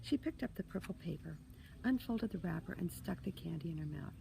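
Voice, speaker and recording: A woman reads her own children's book aloud with a deep gravelly voice. She is expressive and often drops into breathy, hushed asides. A faint hiss sits behind her. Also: brisk, rough recording. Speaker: author. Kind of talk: storybook reading.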